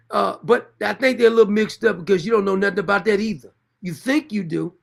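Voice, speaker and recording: A man's voice: sits high, brisk, creaky. A middle-aged man, hosting a livestream and bluntly scolding commenters in a confrontational, repetitive way. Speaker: show host.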